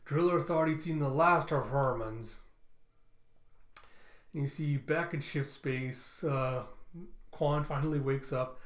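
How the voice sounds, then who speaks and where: A man's voice: medium pitch, slow pace, pauses often, echoey room. A man casually retelling a comic book story in his own words. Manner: loose retelling, chuckles now and then. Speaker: comic reviewer.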